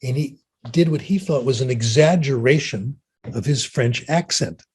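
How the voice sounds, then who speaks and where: Older man, husky voice, relaxed storytelling lecture, frequent "okay?". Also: mid-range voice, normal speed. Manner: chatty, storytelling, keeps asking "okay?". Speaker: linguist giving a talk. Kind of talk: lecture with audience Q&A.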